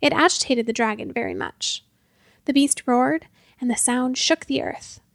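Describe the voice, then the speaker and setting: A woman narrating a storybook with an expressive, measured delivery. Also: high-pitched, vocal fry, no room sound, studio quality.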